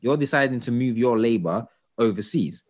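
A man co-hosting a podcast, talking in casual chat with an animated, exasperated, ranting manner. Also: medium pitch, normal speed. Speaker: podcast co-host.

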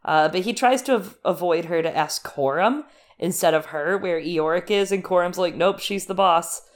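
A woman co-hosting a podcast in relaxed, casual chat. Her voice sits a little low for a woman. She laughs often and slips into animated impressions when she quotes the characters. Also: moderate pace. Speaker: podcast co-host. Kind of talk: casual chat recapping a TV episode.

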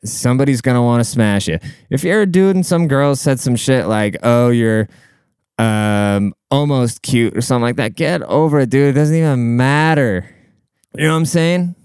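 Smooth-voiced man ranting profanely. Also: medium pitch, a little mellow, no room sound. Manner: profane, slangy, rambling. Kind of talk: casual rambling monologue.

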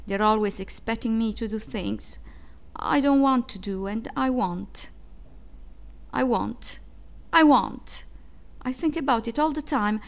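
Woman voicing a stubborn little girl, high and pleading, storybook read-aloud. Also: unhurried.

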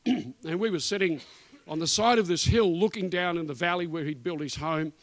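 A man's voice: fairly high pitch, moderate pace. A man preaching as a guest speaker in a church, emphatic and repetitive, with casual asides. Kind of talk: sermon.

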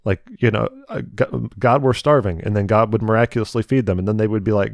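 A young man giving a conversational Bible teaching, retelling scripture stories in a lively, chatty way. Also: fairly low pitch, quick pace, creaky, hardly any pauses, no room sound, clean studio sound. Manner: conversational, animated retelling with voiced asides. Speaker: preacher.

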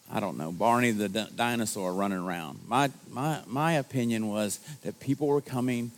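A male pastor giving a sermon to his congregation in a conversational, self-deprecating storytelling manner. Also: mid-range voice. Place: church service.

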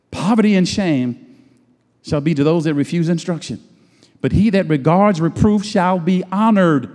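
A high-voiced middle-aged man preaches with folksy, emphatic drive, drawing words out slowly to hammer his points. His voice rings with the long reverb of a large hall. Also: animated, darkish tone. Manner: emphatic call-and-response preaching, slows and stretches words for emphasis; folksy, colloquial speech. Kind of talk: sermon.

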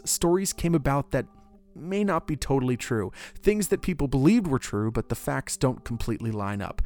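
A man's voice: medium pitch, darkish tone. A man narrating history in a casual, conversational way, with joking asides.

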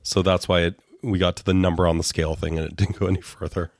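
Raspy sick man with vocal fry. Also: low voice, flat delivery, fast talker, no echo, studio quality. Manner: joking, laughs often. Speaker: podcast co-host. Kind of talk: casual podcast chat.

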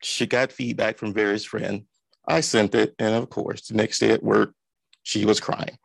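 A man's voice: lowish voice, level tone, moderate pace, vocal fry, slightly rough, no room sound. A man hosting an interview, telling a workplace story in a loose, anecdotal way and acting out the people he quotes. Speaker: interview host.

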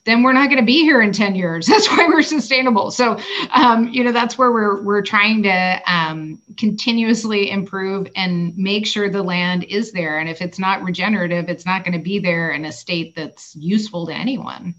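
A woman's voice: mid-range voice, normal speed, few pauses, fairly bright tone, dull audio. A woman being interviewed, talking casually with many fillers in an upbeat way. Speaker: wine producer guest. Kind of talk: conversational interview.

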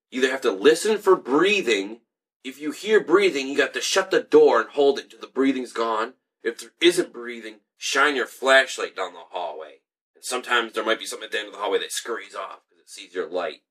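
A man's voice: mid-range voice, breathy edge, recorded from a distance. A young man in casual profane banter, laughing often and telling stories with lots of swearing. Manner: laughing, swearing, animated storytelling.

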